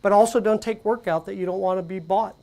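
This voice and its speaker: A woman presenting at a conference, speaking conversationally with animated storytelling and frequent fillers. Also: medium pitch, fast, creaky. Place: conference venue.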